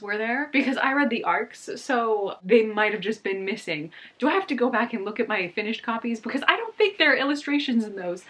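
A young woman vlogging casually about a book she is reading, excitable and emotional as she gushes and frets. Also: mid-range voice, a little fast, slight background noise.

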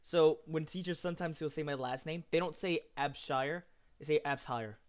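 A man's voice: fairly high pitch, fairly even intonation, fast talker. A man chatting casually while playing a game on stream. He swears freely and jumps between stories and the game. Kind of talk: casual chat while gaming.

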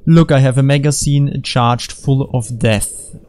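A man's voice: medium pitch, a little slow, darkish tone, clean tone. A man giving casual, rambling gameplay commentary, joking at his own expense and drifting from thought to thought. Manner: rambling, self-mocking, easily distracted jokes. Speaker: gaming commentator.

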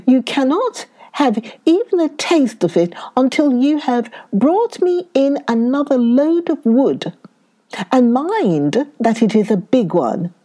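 A shrill, stingy old wife from a children's storybook scolds her husband in a raised, lively voice, as a woman reading aloud puts her on. The delivery is slow and drawn out, with a mellow tone underneath. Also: full character voice. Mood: scolding.

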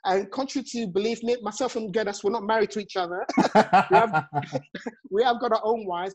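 A man's voice: sits high, moderate pace, dull audio. A man in his forties hosting a motivational live chat over a phone, effusive and chuckling often. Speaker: host and network marketing coach.

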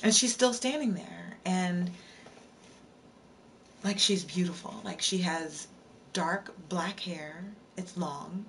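A woman's voice: on the low side, vocal fry, a bit bright, a little hiss or hum. A woman live streamer telling a spooky story in a casual way, repeating lines and breaking off to answer her chat. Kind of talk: storytelling on a livestream.

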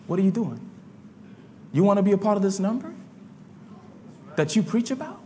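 A man preaching a sermon in a church, his delivery swinging between quiet murmurs and loud shouts. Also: high voice, big pitch swings, normal speed, in a large hall, slight background noise. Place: church sanctuary.

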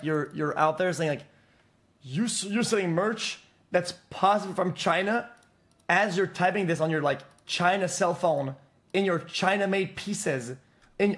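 A male streamer ranting to his chat with a voice a touch higher than most men's. He is blunt and mocking, swears constantly and keeps stumbling over and restarting his words. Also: a bit bright. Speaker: live streamer. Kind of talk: casual rant to chat.

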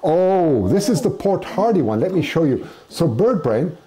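A man's voice: on the high side, very animated, normal speed, a crowd in the background. A man hosting a live stream, chatting casually as he announces poll results. He pokes fun at himself and laughs often. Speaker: live show host.

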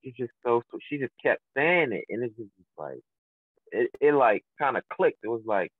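A man's voice: mid-range voice, sing-song, normal speed, breathy edge, no room sound. A young man, a boxer, talking loosely on a call-in interview, rambling with lots of fillers and restarts. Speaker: professional boxer, guest. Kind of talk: casual phone interview. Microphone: phone. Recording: tinny dry phone line.

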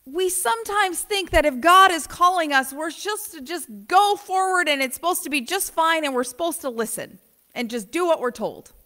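A woman pastor preaching a conversational sermon in a church, animated and emphatic with repeated phrases. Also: very high-pitched, normal speed. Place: church sanctuary.

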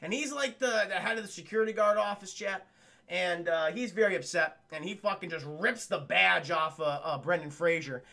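A man's voice: high-pitched, normal speed, creaky, bright, forceful tone. A man streaming a casual film recap, rambling and swearing while constantly addressing his chat.

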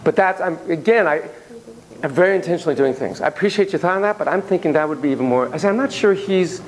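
A man working as a child psychotherapist in a play therapy demonstration, talking gently and reflectively in a playroom. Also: fairly high pitch, lively intonation, fast talker, poor audio.

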